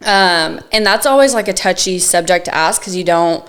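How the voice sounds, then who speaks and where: Lowish-voiced woman chatting on a podcast, walks through how she handles calls, laughs a lot. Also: moderate pace, fairly bright tone. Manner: laughs often, explains step by step. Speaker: podcast co-host, real estate agent. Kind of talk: casual chat.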